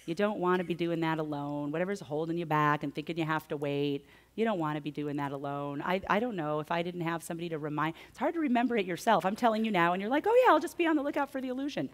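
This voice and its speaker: A woman telling a personal story to a live audience, chatty and animated, often laughing. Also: deep voice, fast talker. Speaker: speaker at a live event.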